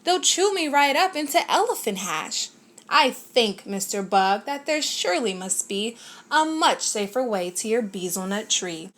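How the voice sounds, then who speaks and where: A big, gentle male elephant, honest to a fault and worn out, pleading and fretting in an earnest voice, as a woman reading a storybook plays him. He talks plainly and sincerely, never sly. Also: on the high side, big pitch swings, measured pace. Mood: worried. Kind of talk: storybook read-aloud.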